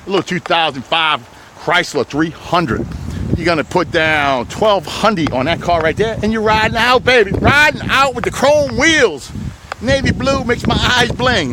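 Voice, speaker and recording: A man, a used car dealer, walking his outdoor lot in a folksy hard-sell sales pitch and calling out to the people watching. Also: heavy background noise.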